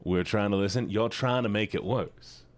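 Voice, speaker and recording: A man livestreaming, chatting casually and playfully with his viewers, often joking at his own expense. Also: normal speed. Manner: playful, self-mocking, with sudden jumps in pitch. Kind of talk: casual chat to stream viewers.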